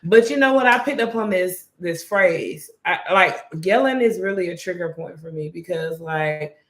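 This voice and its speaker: A woman's voice: fairly low pitch, animated, moderate pace. A woman co-hosting a podcast, telling stories in a casual chat with lots of fillers. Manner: chatty storytelling with many fillers. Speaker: podcast co-host. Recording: roomy echo.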